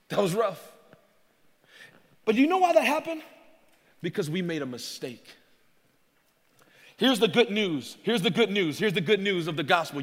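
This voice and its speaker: A middle-aged male pastor preaching a sermon, animated and joking, laughing often as he tells stories. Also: high-pitched. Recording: reverberant hall.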